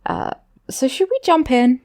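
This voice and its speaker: A woman co-hosts a podcast and recaps a show in casual talk, leaning on "like" as she goes. Her pitch moves around a lot, and her tone stays playful. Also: animated, measured pace, a little mellow. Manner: chatty, uses "like" a lot, playful. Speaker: podcast co-host.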